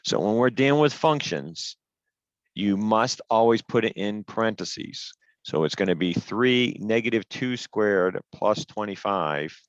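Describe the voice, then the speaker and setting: A man's voice: fairly low pitch, animated, a little slow, no room sound, lo-fi sound. Patient male teacher on a headset. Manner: patient, step-by-step, emphatic on rules. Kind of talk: online class lecture.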